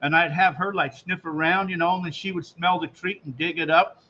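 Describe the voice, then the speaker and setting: A man's voice: on the high side, steady tone, brisk, bright, forceful tone. A man hosting a radio show, chatting easily about his dog. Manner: easygoing, chatty. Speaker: host. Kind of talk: casual chat. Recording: dull lo-fi line with faint hiss.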